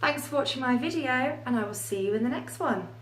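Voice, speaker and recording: A woman teaching an English lesson, reading out example phrases slowly and carefully. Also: high-pitched, animated. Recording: echoey room, voice a little far from the mic.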